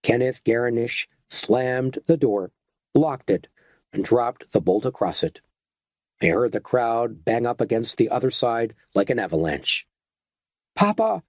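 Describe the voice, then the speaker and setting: Steady male horror audiobook narrator. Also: mid-range voice, measured pace, no room sound. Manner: steady, dramatic reading. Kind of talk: scripted narration.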